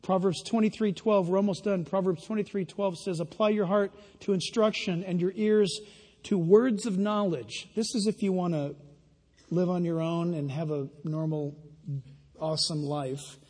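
A man preaching a sermon as a pastor, in an animated style that mocks other voices in put-on quotes. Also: high voice, moderate pace. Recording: long reverb of a large hall.

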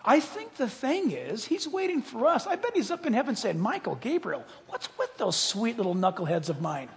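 Animated high-voiced preacher in an echoing hall. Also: male voice, moderate pace, creaky, few pauses. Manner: animated and playful, swings from hushed to shouting. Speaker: pastor. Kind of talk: sermon. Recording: long hall reverb.

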